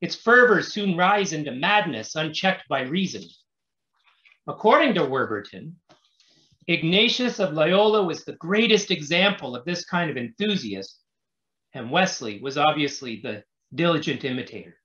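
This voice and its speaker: A pastor presents an academic paper, reading it aloud in a measured, scholarly manner. His voice sits fairly high for a man. The recording is roomy and dull. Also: big pitch swings, sharp tone. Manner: measured, scholarly delivery with occasional restarts. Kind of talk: formal reading of a prepared paper.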